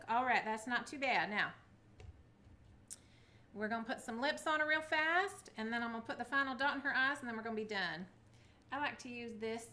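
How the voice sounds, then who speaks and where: This middle-aged craft vlogger talks her viewers through a relaxed crafting tutorial, chatty and encouraging herself along the way. Her voice sits on the higher side and has a sharp edge.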